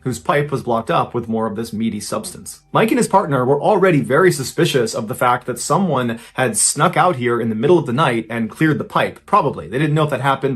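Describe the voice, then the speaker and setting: A man narrates a true crime story for a podcast, conversational yet paced for suspense. His voice sits at a middle pitch with a husky, slightly rough texture. He talks to the listener casually, dropping in everyday fillers.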